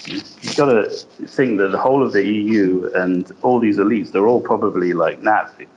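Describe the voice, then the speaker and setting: A man's voice: lowish voice, normal speed, darkish tone. A man chatting on a podcast in a rambling, hesitant way with many fillers. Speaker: podcast co-host. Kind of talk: casual podcast chat. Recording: dull lo-fi remote line with faint hiss.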